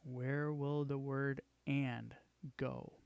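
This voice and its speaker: Slow, gravelly male music teacher. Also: medium pitch, fairly even intonation, darkish tone, dry recording. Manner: counts beats aloud and reads instructions. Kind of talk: walking through a worksheet.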